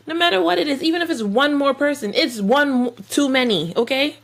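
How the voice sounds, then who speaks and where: A woman's voice: sits high, fairly bright tone. A young woman co-hosting a podcast, venting in a casual, exasperated way and drawing out words for emphasis. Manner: ranting, exasperated, drawn-out emphasis. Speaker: podcast co-host. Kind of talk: casual chat.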